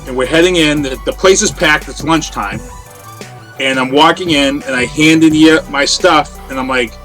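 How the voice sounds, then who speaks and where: A man, a guest on an interview show, telling a story in a casual, animated way over a remote call. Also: a little high, normal speed, soft background music. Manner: animated, acts out quoted voices. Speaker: interview guest, radio personality. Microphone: remote call from home.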